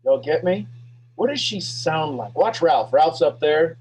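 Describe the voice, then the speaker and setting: A man hosting a live motivational talk, energetic and preachy, repeating questions and swinging between loud bursts and hushed lines. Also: on the high side, normal speed, a little hiss or hum, low-quality recording. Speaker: host of a motivational talk show.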